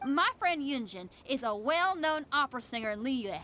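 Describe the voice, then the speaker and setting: A woman's voice: sits high, animated, moderate pace, pushed and bright. An actress voicing a brash young woman rock musician with a strong Southern US accent in a video game. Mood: eager. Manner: bold, breezy, confident.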